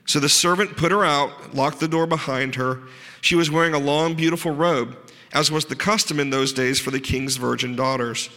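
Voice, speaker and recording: A man with a fairly high, bright and forceful voice preaches a sermon, earnest but slipping in dry asides. He slows down to press on key words. His voice rings out with a long reverb, as in a large hall. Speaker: pastor.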